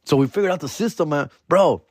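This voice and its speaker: A man's voice: fairly high pitch, fast talker, dry recording, clean studio sound. A man, a comedian and podcast host telling a story in casual, slang-heavy talk, acting out quotes.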